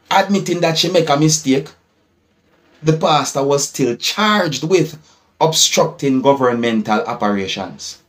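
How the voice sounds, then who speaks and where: A man's voice: a little high, animated, normal speed. Jamaican man retelling a news story. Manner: keeps asking viewers "you see?". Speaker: vlogger. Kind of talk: news commentary vlog.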